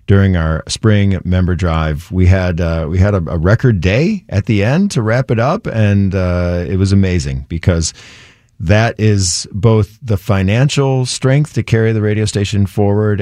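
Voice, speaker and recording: Male radio host, very low voice, relaxed rambling patter, dry studio mic. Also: no room sound. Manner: relaxed, rambling, with fillers and restarts. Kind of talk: casual on-air radio patter. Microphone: studio microphone.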